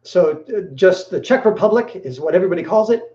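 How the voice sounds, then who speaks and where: A man hosting a casual live-stream Q&A, rambling and animated, with lots of filler words. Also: sits high, fast. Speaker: host. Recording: echoey room, dull lo-fi sound.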